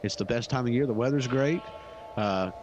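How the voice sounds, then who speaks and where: Dude hosting a jokey podcast, quick quips, just messing around with friends. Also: male voice, medium pitch, dull audio, noisy background. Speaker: podcast host. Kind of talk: casual comedy podcast banter.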